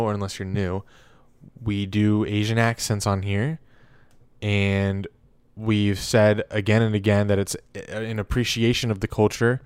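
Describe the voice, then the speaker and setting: A man's voice: on the low side, clean tone, dry recording. A man co-hosting a podcast in casual chat, easygoing and full of "um"s as he raises a topic. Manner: easygoing, filler-heavy, questioning. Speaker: podcast co-host.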